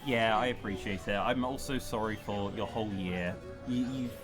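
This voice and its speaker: A man with a British accent, co-hosting a charity gaming stream in casual, laughing chat. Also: lowish voice. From United Kingdom. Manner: chatty, laughs often, quick self-corrections. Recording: music playing underneath.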